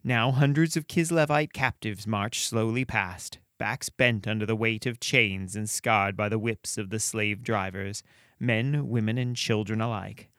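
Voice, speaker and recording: A man hosting a podcast, reading dark fantasy stories aloud with a measured, expressive delivery and chatting casually between them. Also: fairly low pitch, smooth, no echo, studio quality. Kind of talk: storytelling narration and casual commentary.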